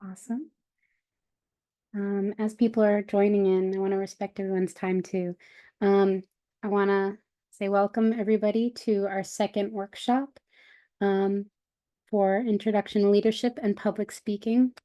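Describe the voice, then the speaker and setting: A woman hosts a workshop over a video call and introduces a guest in a relaxed, hesitant way with frequent ums. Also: medium pitch, moderate pace. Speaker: workshop host.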